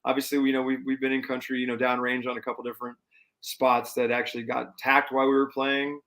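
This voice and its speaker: Animated male musician telling road stories. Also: medium pitch, fast talker, low-quality recording. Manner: animated storyteller who acts out quoted people. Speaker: musician guest. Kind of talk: casual storytelling interview.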